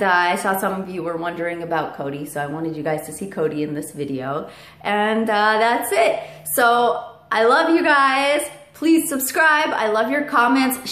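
A woman's voice: mid-range voice, fairly bright tone, roomy sound. A woman vlogger telling a casual story to camera at home, chatty, with fillers and asides to her parrot.

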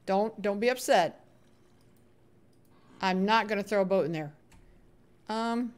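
A woman's voice: mid-range voice, slow. A woman live-streaming a building game, chatting casually, coaxing game characters in a sing-song voice and answering viewer chat. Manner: reads out viewer chat names and answers them. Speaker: Minecraft streamer.

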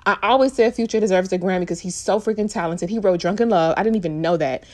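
A woman's voice: medium pitch, fast talker, a little mellow. A woman giving casual, opinionated live reaction commentary on an awards show, chatty and full of slang.

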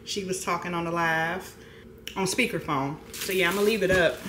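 A woman's voice: fairly low pitch, normal speed, noisy background. A middle-aged woman vlogging casually to camera, chatty and folksy, often laughing as she talks.

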